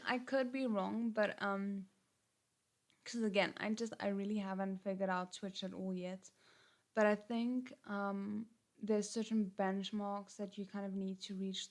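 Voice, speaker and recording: A woman from Africa, chatting casually on a livestream, hesitant with many ums, her voice a little gruff. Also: mid-range voice, a little mellow. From South Africa. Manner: hesitant, many ums and restarts, thanks viewers. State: slightly gruff voice. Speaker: channel host on a livestream. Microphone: headphones and desk mic.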